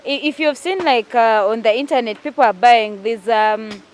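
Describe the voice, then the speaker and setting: A woman's voice: on the high side, moderate pace. A woman, chatting emphatically with friends about pregnancy. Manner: animated, emphatic storytelling. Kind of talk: casual chat.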